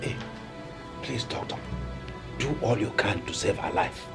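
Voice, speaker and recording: A man's voice: fairly low pitch, unhurried, gravelly, music in the background. A man with a Nigerian accent playing a desperate poor village hunter who pleads and cries out. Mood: pleading. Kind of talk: Nollywood film acting.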